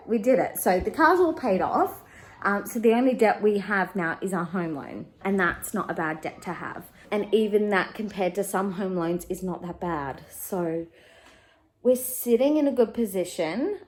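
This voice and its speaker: A woman in her thirties with an Australian accent, a working mum giving a candid, chatty life update from her home that turns quieter and more emotional when she talks about parenting. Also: medium pitch, rough recording. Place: at home, in her living room.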